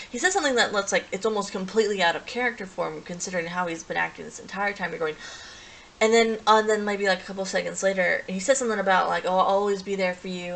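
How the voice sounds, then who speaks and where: A woman's voice: medium pitch, gravelly, a bit bright, a little hiss or hum, low-quality recording. A woman giving a casual, rambling plot recap as a reviewer, full of restarts and fillers.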